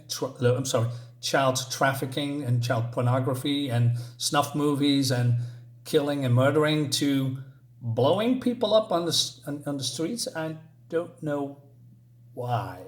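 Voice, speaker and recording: A man casually summing up a comic book story, rambling and hesitant with frequent fillers and chuckles. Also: fairly high pitch. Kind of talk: casual comic review talk.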